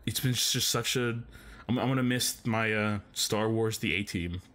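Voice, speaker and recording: A man's voice: fairly low pitch, moderate pace, fairly bright tone. A man co-hosting a podcast in casual chat, rambling enthusiastically with lots of filler words. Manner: enthusiastic fan. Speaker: podcast co-host.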